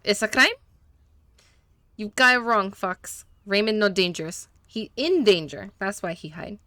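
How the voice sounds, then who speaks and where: A woman's voice: mid-range voice, expressive, bright, forceful tone, no room sound. A woman voicing a nervous small-town male mechanic in broken English with a mock Spanish accent. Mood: earnest. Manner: broken English, quick denials.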